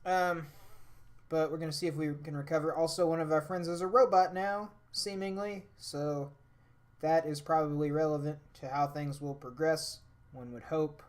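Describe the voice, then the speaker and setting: A man's voice: fairly high pitch, steady tone, moderate pace. Dry wry man doing game commentary. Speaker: let's play host. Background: game music.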